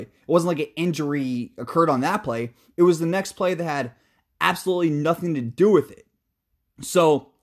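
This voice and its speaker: Fired-up young man ranting about football. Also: a little high. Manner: heated, animated, swears freely, calms himself down. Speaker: sports podcast host. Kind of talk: casual sports commentary rant.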